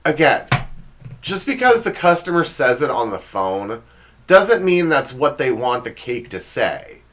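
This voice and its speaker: A man's voice: mid-range voice, very animated, a little slow, a bit bright. A man hosting a comedic monologue, sarcastic and exasperated, often stumbling over his words. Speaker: comedy show host.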